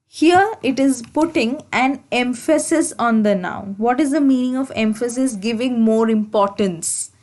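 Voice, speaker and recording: Slow, higher-voiced woman teaching grammar. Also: darkish tone. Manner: slow, deliberate explaining with repetition and self-corrections. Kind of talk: exam-prep grammar lesson.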